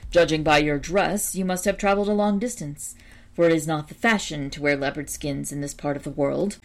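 A hard-hearted storybook king with a low, gravelly voice, as a woman reads him out. He speaks sternly and with cold courtesy, in slow, measured words. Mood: falsely gentle. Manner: stern, then falsely soft. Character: proud hard-hearted older male king.

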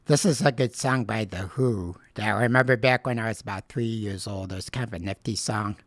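A middle-aged man hosting a radio show, introducing records in a rambling, halting way with lots of fillers and self-corrections. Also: fairly low pitch, no echo. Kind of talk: casual radio show links.

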